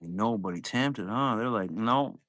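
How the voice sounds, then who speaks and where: Bright-voiced young man, live stream chat. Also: mid-range voice, animated, moderate pace, no echo. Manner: rambling, profane storytelling. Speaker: live card break seller.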